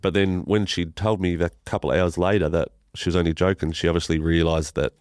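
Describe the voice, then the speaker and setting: Deep-voiced Australian man, halting and raw. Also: flat delivery, darkish tone, smooth, no echo, clean studio sound. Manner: halting, emotional, swears often, many restarts. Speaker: podcast guest. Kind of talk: emotional personal storytelling interview.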